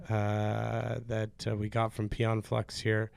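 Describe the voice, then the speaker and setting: Gravelly man hosting improv comedy. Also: on the low side, completely flat delivery, takes it slowly, darkish tone, no echo. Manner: playful, mock-showman, rambling asides. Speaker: podcast co-host and improviser.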